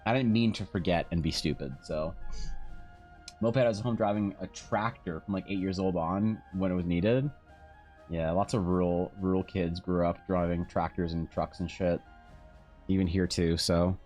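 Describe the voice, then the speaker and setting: A man's voice: low-pitched, steady tone, normal speed, a little mellow, soft background music. A man chatting casually on a live art stream, telling rambling stories, swearing freely and laughing often. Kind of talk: casual chat while drawing on stream.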